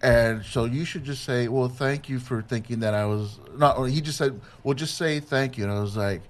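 A man comedian in casual conversation, explaining himself with halting restarts and repeated words. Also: mid-range voice. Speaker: stand-up comedian. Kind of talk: casual podcast chat.

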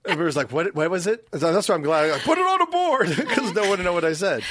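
Hoarse guy cohosting a podcast, laughing a lot, voice sits a bit high. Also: very fast, no echo. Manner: animated storyteller, laughs often. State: hoarse, losing his voice. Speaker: podcast co-host. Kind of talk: casual chat.

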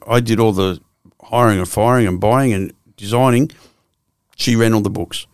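A man's voice: lowish voice, fairly even intonation, moderate pace, clear, resonant tone, no echo, clean studio sound. A man in his sixties with an Australian accent, a guest telling his life story bluntly and profanely, full of restarts. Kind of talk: candid storytelling interview.

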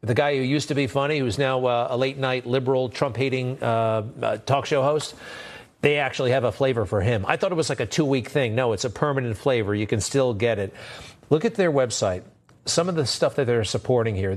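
A man's voice: medium pitch, brisk. A man hosting a cable news show, talking in a sarcastic, indignant and conversational way. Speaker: TV news host. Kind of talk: opinionated cable news commentary.

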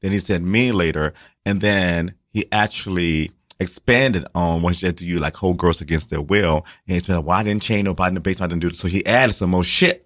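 A man co-hosting a casual chat show, animated and profane, putting on playful impressions. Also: low-pitched, a little fast, no room sound, studio quality. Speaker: podcast co-host.

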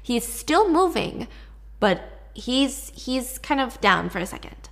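Chatty woman retelling a dark story. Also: a little high, takes it slowly, gravelly. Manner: chatty, animated, wry asides. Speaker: story narrator.

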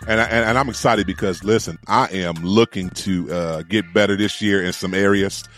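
A low-voiced man, relaxed and quick to laugh. He speaks in an easygoing, conversational way. Faint music sits behind him. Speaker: podcast co-host. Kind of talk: casual faith talk.

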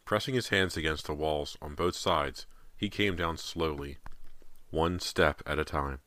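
Super deep guy narrating a horror book, crisp bright tone, dramatic. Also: unhurried. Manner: dramatic, expressive reading. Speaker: audiobook narrator. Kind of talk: scripted narration.

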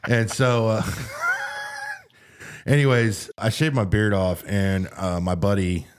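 A man with a very low, deep voice holds forth in loose podcast banter. He tells crude, profane stories in a relaxed, storytelling way. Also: a little slow, slight background noise. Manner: crude joking storyteller, swears freely. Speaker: podcast host.

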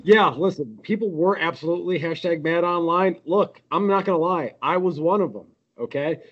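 A man's voice: on the high side, moderate pace. Profane ranting man, muffled audio. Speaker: podcast guest. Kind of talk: casual sports podcast rant.

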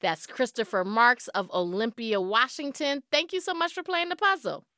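A woman with a fairly high, bright, forceful voice speaks at normal speed into a studio microphone. She hosts a radio news program, reading scripted segments and chatting cheerfully during a word puzzle, upbeat and quick to laugh.

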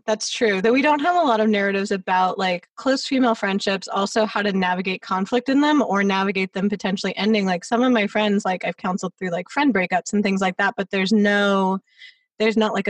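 A woman's voice: mid-range voice, fairly quick, no room sound, far from the mic. A woman hosting an interview podcast, chatting casually and laughing often. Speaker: podcast host. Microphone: remote recording.

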